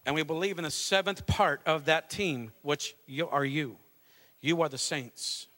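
A middle-aged pastor preaching a fervent sermon, mixing calls to worship with a conversational family story. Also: male voice, fairly high pitch, measured pace, sharp tone. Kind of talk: Pentecostal sermon.

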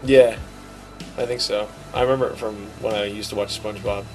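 A man co-hosting a podcast, telling a story in casual chat with an animated, self-deprecating manner. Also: lowish voice, a little fast, soft background music. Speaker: podcast co-host.

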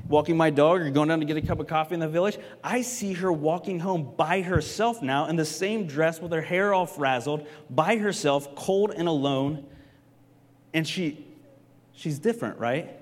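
A man's voice: on the high side, moderate pace. Man preaching casually in a reverberant hall. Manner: casual, frequent "right?" tag questions. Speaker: pastor teaching a Bible class. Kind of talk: conversational sermon. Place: stage in a large hall.

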